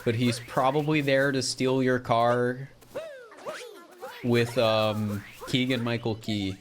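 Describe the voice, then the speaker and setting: A man's voice: medium pitch, fairly even intonation, takes it slowly. A man streaming a game, chatting casually and joking about his own slips. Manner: chatty, self-mocking, laughs often. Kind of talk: casual gameplay commentary. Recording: faint music behind. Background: faint game music.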